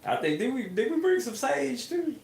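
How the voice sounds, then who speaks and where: A man's voice: very high voice, normal speed, creaky. Preachy man chatting in an echoey room. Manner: preachy, backs up the other speaker with steady mm-hmms. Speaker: live-stream co-host. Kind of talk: casual chat about spirits and faith.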